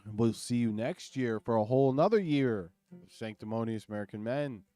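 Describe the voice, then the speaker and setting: A laid-back man co-hosts a casual podcast, rambling through his sign-off with easy laughs. His voice is smooth and clear, recorded dry and close. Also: medium pitch, fairly quick, mellow, dry recording, faint music behind. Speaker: podcast co-host. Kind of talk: casual chat. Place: small studio.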